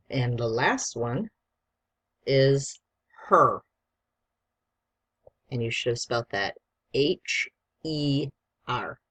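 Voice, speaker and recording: A teacher leads a spelling dictation lesson, taking it slowly and deliberately and spelling each word out one letter at a time. The tone stays patient and encouraging toward a young student, with a mid-range voice. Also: medium pitch.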